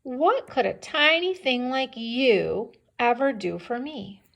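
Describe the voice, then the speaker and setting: A big male lion scoffs at the idea of ever needing help, with a woman reading the part aloud. He speaks slowly and mockingly, with a gravelly edge. It is a storybook read-aloud for children. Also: on the high side, lively intonation, fairly bright tone, full character voice. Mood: scornful. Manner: mocking, laughing scorn.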